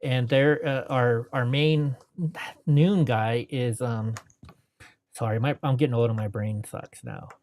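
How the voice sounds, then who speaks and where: A man's voice: mid-range voice, steady tone, unhurried, a little mellow. A man as an interview guest, telling stories from his life in a rambling, casual way, filling his talk with "you know".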